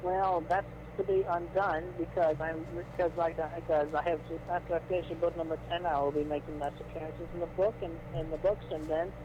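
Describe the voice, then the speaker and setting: A man on a recorded call, giving halting, rambling answers. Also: fairly high pitch, fairly even intonation, dull audio, background noise. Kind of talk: recorded phone-call conversation.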